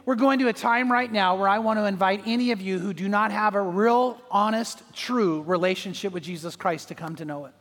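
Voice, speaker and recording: A man's voice: high voice, a little fast, hardly any pauses, a bit bright, in a large hall, soft background music. A man preaching a sermon as pastor, telling a personal story and acting out the voices in it. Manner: storytelling, acts out voices in anecdotes.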